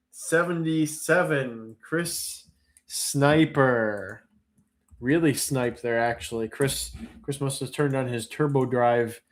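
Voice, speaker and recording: Playful man hosting a live auction. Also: mid-range voice. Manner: playful, jokey, chats while sorting and labeling. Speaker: livestream auction host. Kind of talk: casual live auction stream chat.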